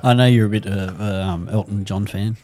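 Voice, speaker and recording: Laid-back Australian bloke, low voice. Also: male voice, steady tone, a little fast, mellow, faint music behind. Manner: laid-back, swears a lot, laughs often. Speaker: podcast co-host. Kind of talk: casual chat.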